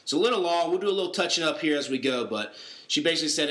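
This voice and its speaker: A man's voice: medium pitch, animated, very fast, fairly bright tone. Jokey man hosting from a roomy basement. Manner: jokey, laughing, rambling asides mid-read. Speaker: podcast host. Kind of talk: casual podcast chat and loose ad read.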